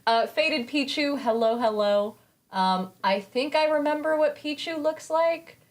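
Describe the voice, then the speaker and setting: A woman's voice: high-pitched, animated, unhurried. Chatty swearing woman streamer. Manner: chatty, swears freely, talks to chat. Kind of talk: casual game stream chat.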